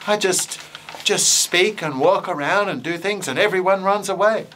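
A man voicing a grumpy, lonely male dinosaur in a puppet story, loud roars alternating with plain, mild speech. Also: high voice, moderate pace, pitched above the performer's own voice. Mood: wistful.

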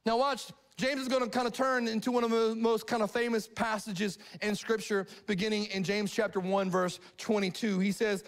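Man, pastor, fairly high voice, live church sermon, animated, questions to the crowd. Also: normal speed, few pauses. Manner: animated, asks the congregation questions. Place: church sanctuary.

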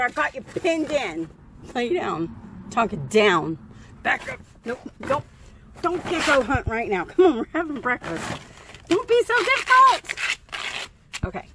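A woman hosts a casual pet vlog outdoors in a yard, giving her dog firm commands again and again. Her voice sits fairly high and moves a lot in pitch. A faint hiss of noise runs under her voice. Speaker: dog owner and channel host.

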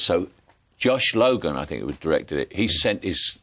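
A man's voice: sits low, moderate pace. An older man with a London Cockney accent, a jet-lagged actor guest telling anecdotes and laughing often. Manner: animated storyteller, laughs often. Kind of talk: anecdotal interview chat.

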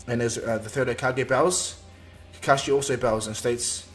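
A man narrating a fan story in an easygoing, rambling way, mid-pitched. Faint music runs underneath. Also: fairly even intonation, moderate pace, a bit bright. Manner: rambling, with fillers and restarts.

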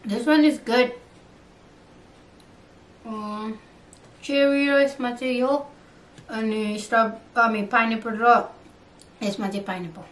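Young woman, Nepali accent, slightly high voice, casual tasting-vlog chatter, recorded at a distance. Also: steady tone, fast, long pauses. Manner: chatty, mixing English and Nepali. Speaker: vlogger. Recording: roomy, distant mic, faint noise.

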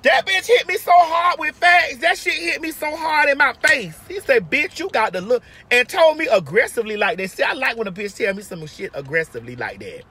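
A woman's voice: high-pitched, expressive, fairly quick, hardly any pauses, bright, forceful tone. A woman giving brash, profane, emphatic advice in a casual monologue from her car. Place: inside a parked or moving car.

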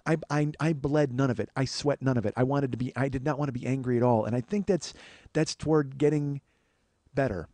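A man's voice: a little fast, darkish tone, no room sound. A man hosting his own podcast, telling a personal story and speaking earnestly to his listeners, with plenty of swearing. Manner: profane, earnest, confessional; acts out quoted voices in a higher pitch. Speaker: podcast host. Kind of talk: solo storytelling monologue.

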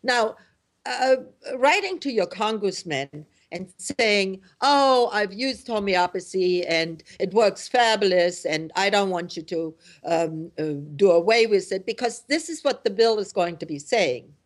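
A woman's voice: medium pitch, expressive, measured pace. A middle-aged woman from Germany hosting a radio talk show, talking in an indignant, emphatic way with many fillers and restarts. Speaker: host.

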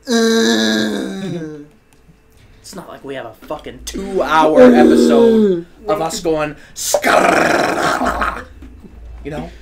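A young man giving crude, excitable casual commentary while playing a video game, swearing a lot. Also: sits high, extremely slow, creaky, pauses often, over a noisy crowd. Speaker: let's play host.

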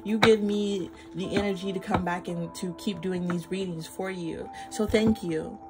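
A woman's voice: lowish voice, steady tone, normal speed. A woman giving a casual tarot reading to her viewers, effusive and emotional, swearing freely and calling them y'all. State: flustered and emotional. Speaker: tarot reader. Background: music.

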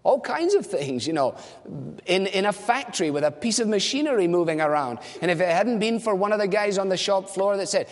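A man's voice: sits high, expressive, a little fast, long reverb tail. A man preaching a sermon as a pastor, earnest and direct, asking and answering rhetorical questions.

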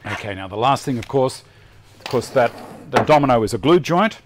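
A middle-aged Australian man hosts a live woodworking show, chatting casually and thinking aloud at the bench with a self-deprecating streak. His medium-pitched voice is lively in intonation and brisk, over a noisy background.

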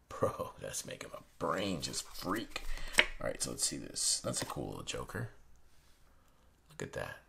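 A young man with a very low voice chats excitedly while unboxing playing cards, now and then dropping to a near whisper. The recording is noisy, with cards shuffling and clicking behind him. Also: gravelly. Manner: excitable, chatty, drops to a hush. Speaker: playing card channel host. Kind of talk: casual unboxing commentary. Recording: noisy room with card handling sounds.

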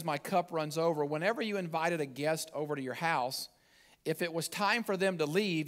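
A man preaching a sermon as pastor, emphatic, with conversational asides to the congregation and phrases that drop low at their ends. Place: church sanctuary.

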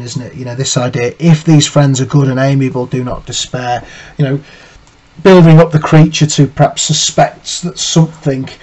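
A male teacher with a mid-range, slightly mellow voice gives a literature lesson, reading quotes aloud and analysing them. He comes across as thoughtful, often restarting and saying "you know." The recording is rough.

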